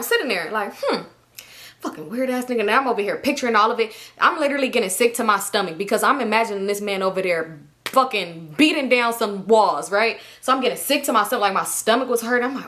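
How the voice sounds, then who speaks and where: Bright-voiced young woman telling a story. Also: medium pitch, quick pace. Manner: animated, profane, acts out her own past texts and thoughts. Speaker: storytime vlogger. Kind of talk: casual storytelling to viewers.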